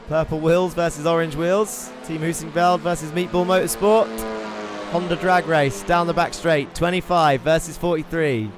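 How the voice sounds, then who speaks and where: A man hosting live sim racing commentary in a chatty, excitable way, reading out viewer chat between the action. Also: a little high, moderate pace, music in the background. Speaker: race commentator and host. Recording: game car engine noise underneath. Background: racing car engine noise.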